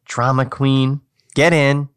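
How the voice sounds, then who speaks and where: A man voicing a cheerful, teasing young woman in a high falsetto. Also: flat delivery, takes it slowly, clean tone, lightly acted.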